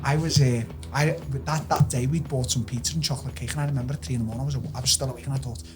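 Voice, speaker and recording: A man telling a lively anecdote, swearing and acting out what people said. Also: medium pitch, racing, few pauses, over music. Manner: animated storyteller, swearing, acts out quotes. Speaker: next-episode guest. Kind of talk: storytelling anecdote.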